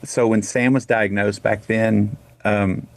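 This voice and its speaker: Middle-aged guy from texas chatting, low voice, keeps restarting, says man and dude a lot. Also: slow pace. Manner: animated storyteller, frequent restarts and "man", "dude". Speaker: guest singer. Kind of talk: casual storytelling interview.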